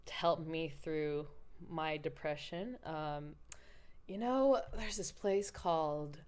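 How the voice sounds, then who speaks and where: A woman co-hosting a podcast, telling candid, profane stories in casual chat with animated swings. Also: low voice, slow, clear, resonant tone. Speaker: podcast co-host.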